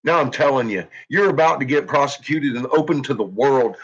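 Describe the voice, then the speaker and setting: A man's voice: medium pitch, fairly quick, hardly any pauses, breathy edge. A man hosting his own channel, ranting angrily into the camera with profane, threatening outbursts, jittery and tense. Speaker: channel host. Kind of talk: angry ranting monologue. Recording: dull lo-fi recording.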